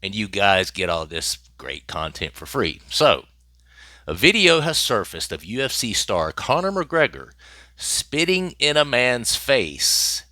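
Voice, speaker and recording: A man's voice: fairly low pitch, sing-song, a little slow, pushed and bright, no room sound, clean studio sound. A man hosting his own channel, commenting on celebrity news in a casual, emphatic way and repeating phrases for effect.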